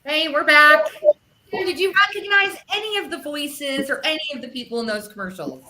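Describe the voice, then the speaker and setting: A middle-aged woman hosting a podcast, chatty and quick to laugh. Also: sits high, pushed and bright. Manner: chatty, laughs easily, restarts often. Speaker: podcast host. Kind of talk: casual chat.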